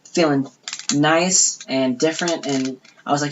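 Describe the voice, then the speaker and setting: A woman with a strikingly deep voice tells a long story on a casual podcast, leaning hard on "you know" and "like" and swearing freely. The audio is dull and lo-fi. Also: unhurried, a little hiss or hum. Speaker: podcast co-host.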